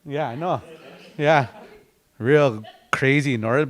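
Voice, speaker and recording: Slow, patient male language teacher. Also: on the high side, animated. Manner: patient, repeats words slowly and breaks them into syllables. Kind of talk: classroom language lesson.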